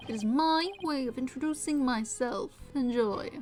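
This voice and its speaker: A woman's voice: sits high, moderate pace, a little mellow, soft background music, lightly acted. A woman voicing a vain, flamboyant male personal aide who talks pompously with faux-French flourishes.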